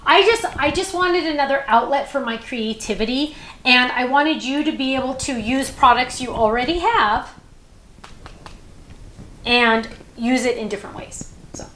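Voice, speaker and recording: A woman's voice: high voice, moderate pace, fairly bright tone, echoey room. A woman hosting a crafting show, chatting casually and rambling through stories with plenty of fillers.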